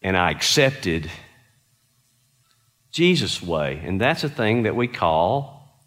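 A man's voice: deep voice, sing-song, takes it slowly, fairly bright tone. A middle-aged man preaching a conversational sermon, telling stories and putting earnest questions to his listeners. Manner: earnest, storytelling, asks the audience questions.

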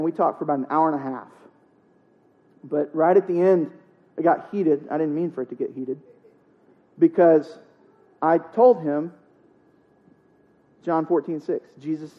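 Male pastor, high voice, conversational sermon, joking and emphatic, dull muffled sound. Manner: conversational preaching with jokes and emphatic repetition.

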